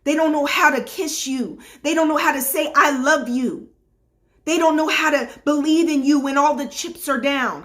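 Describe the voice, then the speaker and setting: A woman's voice: high voice, a bit bright. A middle-aged woman life coach giving a motivational talk straight to her viewers, emphatic and repetitive like a preacher.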